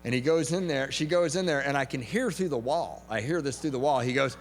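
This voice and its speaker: A man's voice: medium pitch, fairly quick, hardly any pauses, faint music behind. A man speaking at a recovery meeting, telling a personal story with laughter and acted-out voices. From United States. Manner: animated, laughing, acts out quoted voices. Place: large event hall. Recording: echoey hall recording with faint hum.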